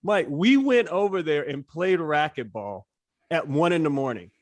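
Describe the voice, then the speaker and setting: A man co-hosting a sports podcast, an animated storyteller who laughs often as he talks. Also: a little high, normal speed, no room sound. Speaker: podcast co-host. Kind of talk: casual sports chat.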